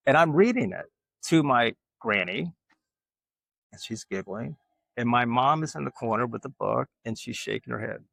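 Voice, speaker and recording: A man from Alabama, telling animated family stories as an interview guest. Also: mid-range voice, normal speed, vocal fry, dry recording. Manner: animated storyteller, acts out quoted voices. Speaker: guest, artist. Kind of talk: casual storytelling interview.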